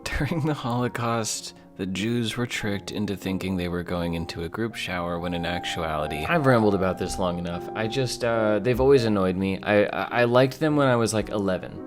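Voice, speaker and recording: A man's voice: on the low side, a little fast, hardly any pauses, over music. A man in his twenties giving rambling, profane, casual commentary, often trailing off and restarting his sentences. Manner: rambling, profane, self-deprecating, many restarts. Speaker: video essayist.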